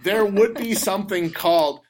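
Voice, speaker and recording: An American man chatting as a guest on a podcast, jokey and animated, stretching words out for emphasis. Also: high-pitched, normal speed. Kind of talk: casual comedic chat.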